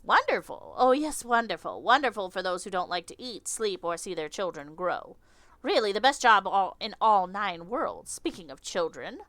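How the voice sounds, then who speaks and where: A woman voicing an impatient, sarcastic insect mother with mandibles, speaking in a haughty, hurried way. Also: medium pitch, animated, fairly bright tone, no echo, natural voice.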